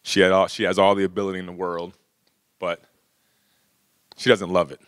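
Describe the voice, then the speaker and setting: A man's voice: low-pitched, level tone, moderate pace, a bit bright, clear, resonant tone, no room sound, clean studio sound. A middle-aged man speaking casually to an audience, telling stories with lots of "you know" and "right?". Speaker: speaker at a workshop. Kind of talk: casual storytelling talk to an audience.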